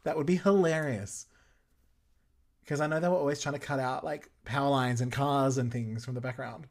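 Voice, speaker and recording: A man's voice: mid-range voice, fairly even intonation, moderate pace. A man hosting a watch-along episode commentary podcast, sarcastic and playful, talking back at the screen. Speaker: podcast host.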